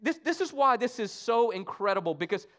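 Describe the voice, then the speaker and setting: A man preaching an Easter sermon, swinging between loud emphasis and soft, low asides. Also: very animated, brisk. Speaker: pastor.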